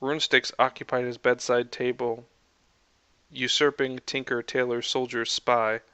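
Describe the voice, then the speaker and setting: A man narrating a fanfiction story aloud in an even, unhurried storytelling manner. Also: mid-range voice, smooth, no echo, rough recording. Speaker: fanfiction reader.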